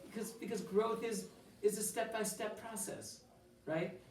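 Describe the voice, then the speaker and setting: A man teaching an informal Torah class in a synagogue hall, animated and full of rhetorical questions, with Hebrew phrases mixed in. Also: high-pitched, unhurried. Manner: mixes in quoted Hebrew phrases. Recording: roomy hall, distant mic, faint ambience.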